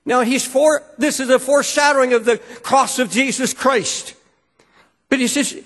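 High-voiced man preaching fervently in reverberant hall. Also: steady tone, moderate pace, a bit bright. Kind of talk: sermon.

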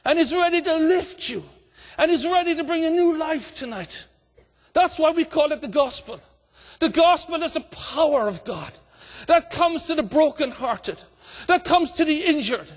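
A man preaching an impassioned evangelistic sermon, calling out and shouting to a congregation. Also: very high voice, expressive, normal speed. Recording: long hall reverb.

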